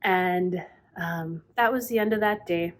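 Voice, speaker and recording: A middle-aged woman giving a reflective spiritual talk, earnest and unhurried, often pausing with "um". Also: on the low side. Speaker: spiritual teacher.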